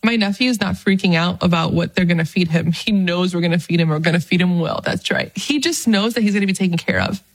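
A young woman talking earnestly to camera about faith. She laughs easily and acts out her own inner voices in a higher pitch. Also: fast, hardly any pauses, rough recording. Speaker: Catholic speaker. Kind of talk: faith vlog talk to camera.

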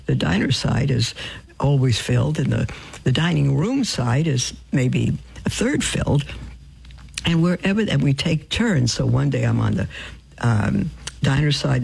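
Husky, gravelly woman telling faith stories. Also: extremely low pitch, poor audio. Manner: animated storyteller who acts out quotes and drops to a whisper for emphasis. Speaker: radio guest asking for donations. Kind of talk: religious storytelling testimony.

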